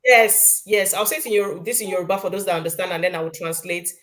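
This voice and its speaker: A woman's voice: fairly low pitch, steady tone, fast, a loud crowd. A woman from Nigeria in a casual chat, explaining her point emphatically.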